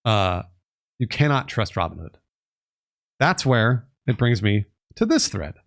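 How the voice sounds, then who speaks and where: A man's voice: lowish voice, sing-song, unhurried. A man casually explaining on a live stream, reading bits of articles aloud and rambling with restarts and the odd curse word. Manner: rambling, reads articles aloud, restarts and fillers, occasional swearing.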